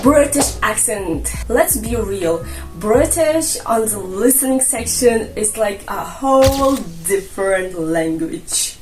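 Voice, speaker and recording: Chatty woman with a slow, roomy voice. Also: medium pitch, expressive. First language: Russian. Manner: chatty, jokey, addresses viewers as friends. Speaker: English exam coach. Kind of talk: casual explainer narration. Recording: roomy, a bit distant from mic, light music.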